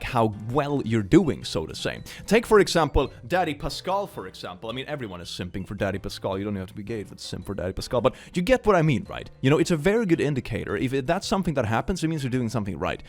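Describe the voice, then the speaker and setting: Guy at home riffing on memes, super animated, goofy and joking around. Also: mid-range voice. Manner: animated and jokey, laughs often, drops into silly voices. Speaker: YouTuber reading memes. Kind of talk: casual commentary on memes.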